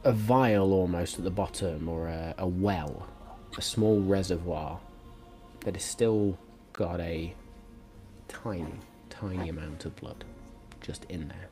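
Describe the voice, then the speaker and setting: A man's voice: deep voice, slow pace, dark tone, soft background music. A man narrating as game master in a tabletop game, describing scenes at length with small hesitations.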